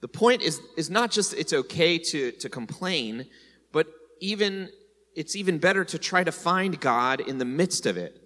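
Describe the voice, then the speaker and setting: A man's voice: fairly high pitch, normal speed, long reverb tail. A man teaching a sermon in a conversational way, often asking "right?" and lifting his voice on key points. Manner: animated, rising on key points. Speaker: congregation teacher.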